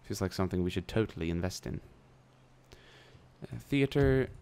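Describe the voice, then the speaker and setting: A young man with a very low voice talks through his turns in a strategy game, chatty and loose. He thinks aloud as he plays, with the odd swear word. He speaks close to a desk mic. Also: lively intonation, normal speed, gravelly, darkish tone, slight background noise. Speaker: gameplay commentator. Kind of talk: casual let's-play commentary.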